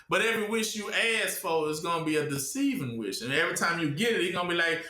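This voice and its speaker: A man preaching in a loose, informal way, with a bright, sharp tone. He keeps stopping on "what?" so listeners can finish his sentences. The sound is roomy and echoing. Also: a little high, animated, fast, few pauses. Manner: asks the audience to fill in the word with "what?".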